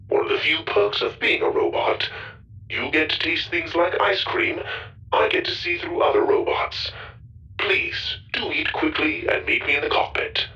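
A man's voice: a little high, vocal fry, bright, forceful tone, far from the mic, highs cut off, pitched above the performer's own voice, exaggerated voice. A man voicing a formal, echoey robot pilot. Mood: courteous. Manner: formal and precise. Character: polite, dry-humored adult male robot pilot. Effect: echoey intercom sound.

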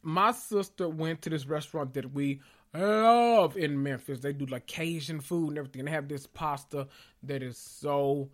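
A man hosting a casual podcast, excitable and swearing freely as he calls out to listeners, a little out of breath and sweating after a big meal. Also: fairly high pitch, normal speed. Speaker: podcast host. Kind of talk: casual pop-culture recap podcast.

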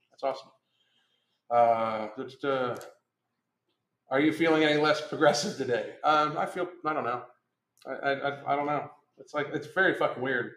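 Speaking at a medium pitch and moderate pace with frequent pauses, a middle-aged man with a slightly bright voice runs a casual podcast livestream. He reads the chat aloud in a blunt, profane, rambling way, and the audio echoes roomily.

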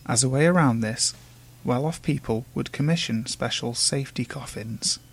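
A man narrating urban legends in a measured, hushed, ominous way. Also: mid-range voice, breathy edge. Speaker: storyteller. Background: faint music.

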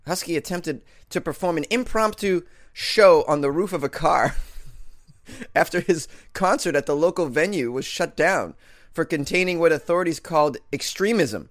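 A man's voice: a little high, lively intonation, normal speed, no room sound, clean studio sound. A man hosting a podcast in a casual comedic monologue, rambling and self-amused, with plenty of restarts. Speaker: podcast host.

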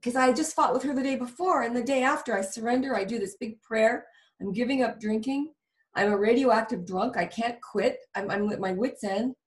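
A woman's voice: on the high side, brisk. A woman guest earnestly telling a personal story in a conversation. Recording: roomy, distant sound.

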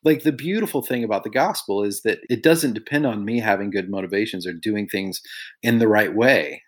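A man's voice: fairly low pitch, a little fast. A middle-aged man, a podcast guest, telling personal stories in an earnest, reflective way and livening up when he quotes other people. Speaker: guest, songwriter and author. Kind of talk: conversational storytelling.

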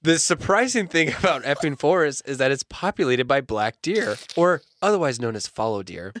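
Deadpan man reading with jokes. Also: medium pitch, normal speed, a little hiss or hum. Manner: deadpan joking commentary while reading. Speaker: podcast co-host.

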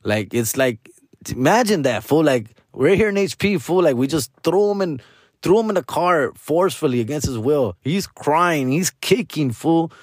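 A man tells a story in loose, profane slang, switching into Spanish at times. His voice sits a little high and he sounds earnest, almost pleading. The recording is close and dry, with no room sound. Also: animated, normal speed, no room sound. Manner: earnest, pleading, repeats street address terms. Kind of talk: casual storytelling.

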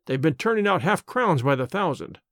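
Male reader voices a bluff police inspector: brisk, hearty, lively in tone. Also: on the high side, no echo, clean studio sound. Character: bluff, confident Victorian police inspector man.

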